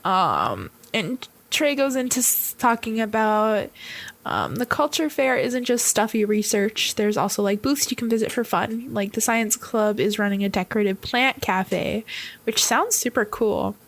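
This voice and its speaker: A woman's voice: mid-range voice, lively intonation, measured pace, vocal fry. A woman co-hosting a casual podcast chat, giggling often and reading lines aloud in playful voices. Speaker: podcast co-host.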